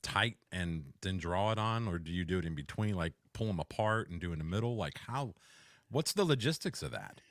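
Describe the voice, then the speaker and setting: Very deep-voiced wry man. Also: lively intonation, brisk, no room sound, clean studio sound. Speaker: podcast co-host. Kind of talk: casual podcast banter.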